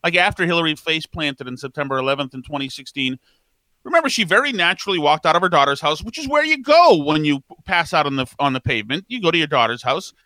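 A man's voice: fairly high pitch, lively intonation, quick pace, bright, forceful tone, no room sound. A man co-hosting a political talk show, giving emphatic, mocking commentary. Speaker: radio show co-host.

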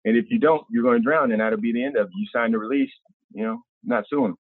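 Animated man on a tinny phone line. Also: mid-range voice, fast, creaky, no echo. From Ohio, US. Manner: animated, slangy, acts out other people's lines. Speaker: guest, former pro basketball player. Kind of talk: casual storytelling.

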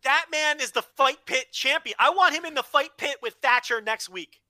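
A man's voice: extremely high pitch, moderate pace, bright, forceful tone, no room sound. A man co-hosting a casual wrestling podcast, talking emphatically and playfully and repeating phrases for comic effect. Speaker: podcast co-host.

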